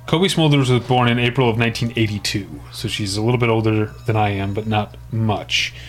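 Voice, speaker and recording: A man's voice: lowish voice, brisk. A man co-hosting a podcast in casual chat, wheezing after a hard workout and rambling with many fillers. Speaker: podcast co-host. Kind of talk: casual chat comparing TV episodes.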